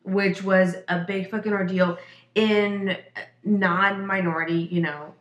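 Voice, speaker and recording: A woman's voice: mid-range voice, fairly even intonation, slow, muffled recording. Blunt, profane woman in an echoey room. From Mexico. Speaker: podcast co-host. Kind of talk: casual chat.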